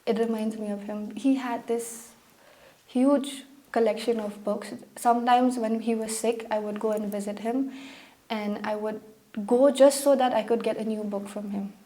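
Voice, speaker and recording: Expressive young woman from Meghalaya, India. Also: fairly high pitch, normal speed. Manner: emotional, animated storytelling with acted-out quotes. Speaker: guest, pageant contestant. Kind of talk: conversational interview, personal storytelling.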